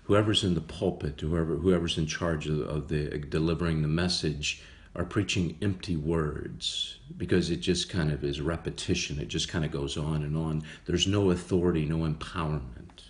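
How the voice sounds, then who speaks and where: A man's voice: very deep voice, fairly even intonation, normal speed. A man giving a casual Bible study sermon, talking conversationally and repeating phrases for emphasis. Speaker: preacher.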